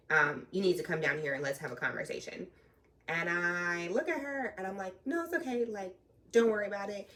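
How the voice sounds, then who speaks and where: A young woman telling a story in a casual, animated way, acting out both sides of an argument and swearing freely. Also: low voice, recorded from a distance. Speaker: trucking vlogger.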